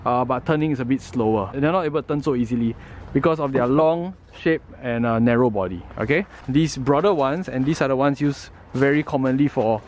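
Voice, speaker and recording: A man walks viewers through the gear at an outdoor water sports centre. He talks at a middling pitch and fixes his own words as he goes. His explanations come casually, step by step. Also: fairly quick, a little mellow, slight background noise. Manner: explains step by step, with fillers and self-corrections. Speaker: vlogger. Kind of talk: casual explaining vlog narration.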